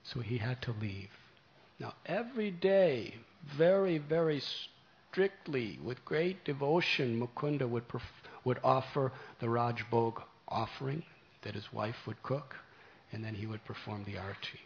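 A man preaching, telling a devotional story to a congregation with gentle, animated delivery. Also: medium pitch, normal speed, muffled recording.

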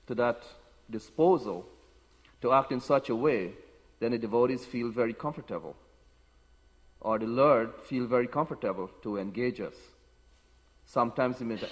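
A man giving a devotional talk, telling personal stories in an unhurried way with frequent restarts. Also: medium pitch. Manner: unhurried storytelling with many restarts. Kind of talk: sermon with personal anecdotes. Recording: long hall reverb.

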